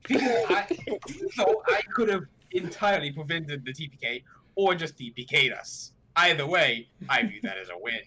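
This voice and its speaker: A man's voice: a little high, animated, normal speed, pushed and bright, a little hiss or hum. A man playing in a tabletop game, cocky and full of puns in casual chat. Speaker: player.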